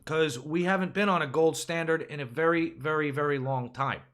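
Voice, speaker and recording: A man's voice: on the high side, moderate pace, a bit bright. A man hosting a political podcast, ranting with profanity and rhetorical questions. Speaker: podcast host. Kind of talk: casual political podcast rant.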